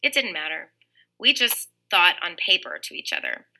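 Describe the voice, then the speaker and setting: A woman's voice: lowish voice, huge pitch swings, normal speed, sharp tone, poor audio. A woman reading a first-person audiobook in an earnest manner, with small slips and restarts. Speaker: audiobook reader.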